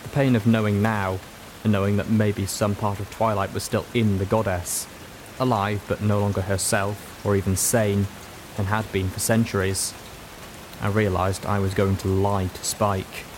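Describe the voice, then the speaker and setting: A man reads a story aloud in a measured, dramatic way. His voice is a little low. A faint hiss and soft rain sit under the narration. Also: little pitch movement. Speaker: audiobook narrator. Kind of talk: scripted narration.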